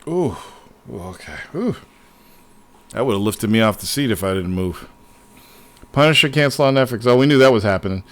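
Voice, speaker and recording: Excitable, profane male streamer. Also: lowish voice, fast talker. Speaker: livestream host. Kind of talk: casual livestream chat.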